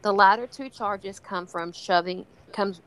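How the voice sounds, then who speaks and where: A woman's voice: medium pitch, a little slow, fairly bright tone, clean tone, rough recording. A woman in casual chat, ranting heatedly with plenty of swearing, then reading a news article aloud. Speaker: co-host.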